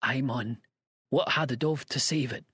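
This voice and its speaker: A bleary, furtive old Scotsman, as a narrator puts him on, muttering in a hushed, wheedling brogue full of dark omens. The voice is slightly husky and dry, and it rises and falls unevenly as he speaks. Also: mid-range voice, unhurried, no echo. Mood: ominous. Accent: Scottish. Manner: hushed, wheedling dialect speech. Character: bleary old Scottish man, furtive and superstitious.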